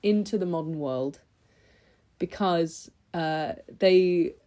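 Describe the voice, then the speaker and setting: Young woman gushing about books, lowish warm voice, lots of ums. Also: slow. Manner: chatty and enthusiastic, with many fillers and restarts. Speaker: book vlogger. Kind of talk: casual book review chat.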